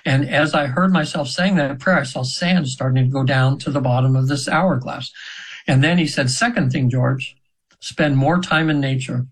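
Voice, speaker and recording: A man's voice: medium pitch, fairly even intonation, normal speed, slightly rough, rough recording. A man in his seventies, a radio show guest, telling a long personal story in a rambling way, with many restarts and fillers. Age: 70s. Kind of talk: casual storytelling interview.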